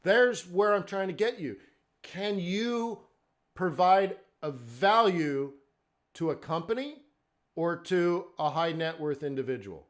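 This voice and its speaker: A man whose voice sits high speaks slowly while teaching forex trading in a live webinar. He's conversational, asks rhetorical questions, and regularly checks in with "okay?" and "right?".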